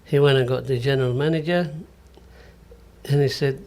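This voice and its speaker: An older man with a Maltese accent chats on radio about his singing career. He tells stories in a relaxed, casual way and acts out the dialogue he remembers. His voice sits in an ordinary middle pitch. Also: normal speed. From Malta. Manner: storytelling, acting out quoted dialogue. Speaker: entertainer and singer.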